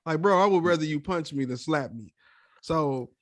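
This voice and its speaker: A young man co-hosting a relaxed podcast chats casually, telling his story with animated energy and acting out quotes. His voice is a little high and moves at normal speed, recorded dry and close with no room echo.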